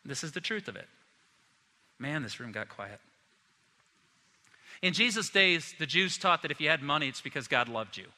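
A man preaching a sermon as pastor, animated and acting out the voices of the people he quotes. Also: on the high side, normal speed, pauses often. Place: church hall. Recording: long reverb of a large hall.

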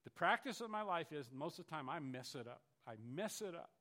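A man's voice: a little high, lively intonation, fairly quick, bright, forceful tone. A male preacher voicing a frustrated, exasperated apostle confessing his struggle in a sermon. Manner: exasperated, pleading paraphrase.

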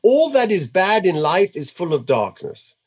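A man doing a male Indian guru with a put-on Indian accent, reading slowly and deliberately, leaning hard on key words. The voice sits a little high and swings widely in pitch. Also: very animated, a little mellow, slightly rough, exaggerated voice. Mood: solemn.

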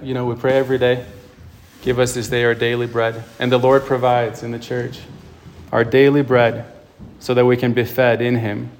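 A man's voice: medium pitch, vocal fry, darkish tone. A man, a priest, preaching a sermon and retelling a film scene with emphatic storytelling.

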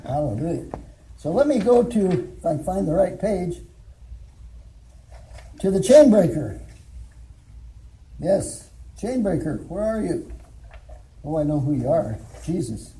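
A man's voice: high voice, big pitch swings, a little slow, long pauses, dark tone, poor audio. An older man, a former alcohol counselor, telling his testimony and preaching in a folksy storytelling way with chuckles. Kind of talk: church testimony and sermon.

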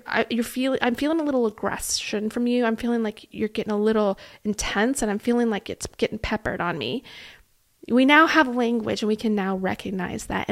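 A young adult woman hosting a podcast, giving earnest relationship advice and acting out sample conversations with a partner. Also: mid-range voice. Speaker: podcast host.

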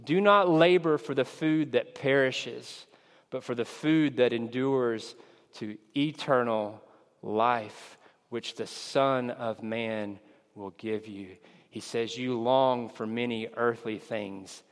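Slow-preaching man in a reverberant hall. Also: mid-range voice. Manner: acts out disciples' lines in raised, excited voice; earnest, measured preaching with emphatic stresses. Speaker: pastor. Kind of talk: sermon.

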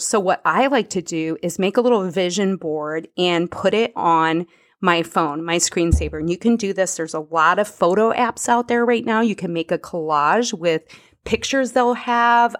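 Peppy woman coach on her podcast, hyping listeners up, medium pitch voice. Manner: energetic, cheering listeners on, laughs at own slips. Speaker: podcast host and weight loss coach. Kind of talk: upbeat motivational podcast talk.

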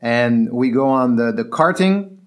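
A man telling a personal story in a casual, animated way, acting out the quoted voices of the people in it. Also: medium pitch, a little slow.

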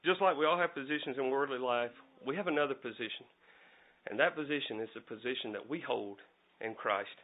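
A man's voice: mid-range voice, brisk. Folksy man preaching, tinny sound. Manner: folksy, repeats words and restarts, plain country speech. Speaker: lay preacher. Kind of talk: storytelling sermon. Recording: tinny phone-like recording.

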